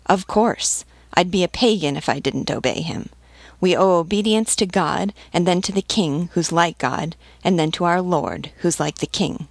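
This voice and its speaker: A woman's voice: on the low side, normal speed, gravelly, no room sound. A woman reading as a simple, devout sailor who speaks plainly and earnestly. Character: simple devout young sailor, loyal and blunt. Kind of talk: audiobook reading.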